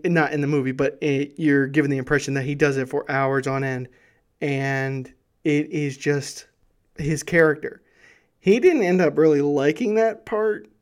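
Brief: male host, smooth clear voice, flat delivery, casual history storytelling. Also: on the high side.

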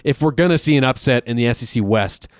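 Chatty man with a smooth, dry voice. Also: mid-range voice, quick pace, dry recording. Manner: conversational, filler-heavy, opinionated. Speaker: podcast co-host. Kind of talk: casual sports chat.

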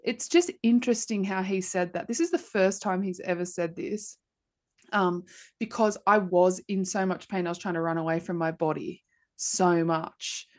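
A podcast host in her thirties tells a personal story in casual conversation, animated and full of fillers. Her voice is lowish and she speaks at a normal speed.

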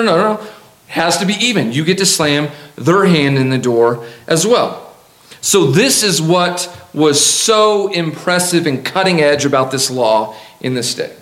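A man preaching a sermon as a pastor, lively and humorous, with emphatic repetition. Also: high voice. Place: church sanctuary. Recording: echoey church hall.

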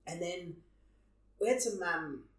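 A man's voice: sits high, expressive, takes it slowly, fairly bright tone. A young Australian man telling a long personal story in a casual podcast chat, rambling and swearing freely. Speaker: podcast co-host. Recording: echoey room.

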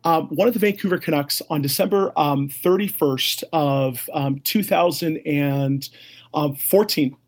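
This middle-aged man leads a ministry and, as a guest in an interview, spins an animated tale full of impersonated voices and frequent laughter. He speaks in a higher register at an unhurried pace.

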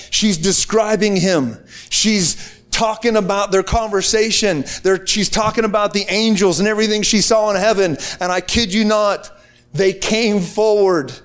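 Excited high-voiced male preacher. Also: clear, resonant tone. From United States. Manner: excited, casual slang, frequent restarts. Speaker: preacher telling a testimony. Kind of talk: animated storytelling to a group.

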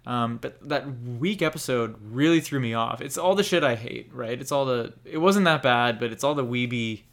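A man's voice: mid-range voice, normal speed, a bit bright. A young man in casual conversation on a podcast he co-hosts. He rambles candidly, circling back to his points and dropping the occasional swear word. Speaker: podcast co-host. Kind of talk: casual chat about anime.

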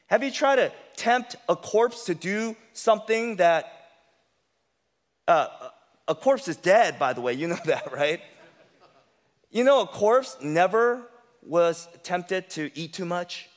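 A man's voice: high voice, expressive, slow, pauses often, big-room sound. A man preaching a sermon as pastor, conversational and humorous, acting out inner voices.

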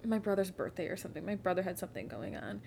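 Laid-back young woman chatting, lots of "like", faint rumble in the back. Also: racing, vocal fry. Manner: relaxed, reflective, filler-heavy talk. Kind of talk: casual chat.

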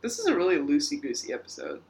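A woman's voice: low-pitched, wildly swooping pitch, fast talker, gravelly, a little mellow, a little hiss or hum. A young woman co-hosting a podcast, bantering playfully and teasing her friend. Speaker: podcast co-host. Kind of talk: casual chat.

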